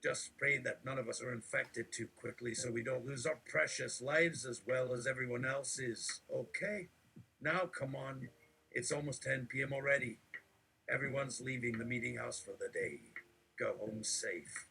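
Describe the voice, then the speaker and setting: A man reading absurd text aloud in a deadpan, mock-preachy delivery, with a gravelly voice. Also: mid-range voice, normal speed, low-quality recording.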